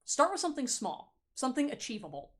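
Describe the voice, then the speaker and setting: A woman tarot reader giving a pick-a-card reading to camera, animated, blunt and playful, and often laughing. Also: high voice, fast talker, slightly rough.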